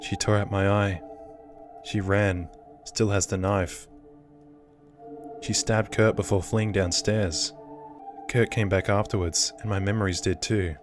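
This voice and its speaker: A wounded, haunted young woman, read by a man in his own low voice, speaks in terse, grim lines. She is a horror-game figure weighed down by painful memories. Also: steady tone, measured pace, pauses often, soft background music, close to an everyday voice.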